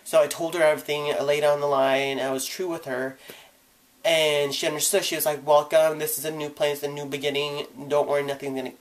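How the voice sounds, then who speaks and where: Young guy vlogging, real candid, voice shoots up loud when he acts out what people said. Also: little pitch movement, fairly quick. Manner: candid, acts out quoted voices with sudden jumps in pitch and volume. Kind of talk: personal storytelling vlog.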